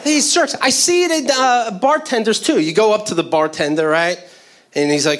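A man's voice: high voice, normal speed. A man doing stand-up comedy, telling stories with laughter and acted-out quotes.

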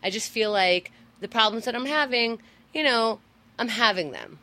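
A woman's voice: a little high, expressive, sharp tone. A woman co-hosting a podcast, blunt and sarcastic, arguing her point in casual banter. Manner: blunt, sarcastic, quick to argue. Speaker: podcast co-host.

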